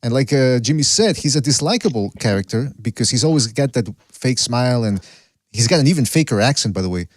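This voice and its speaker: Brief: male podcast host, mid-pitched, dry close sound, blunt and profane, stumbles over his starts. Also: expressive, brisk, no echo. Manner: blunt, profane, stammers and repeats himself. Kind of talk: casual boxing chat.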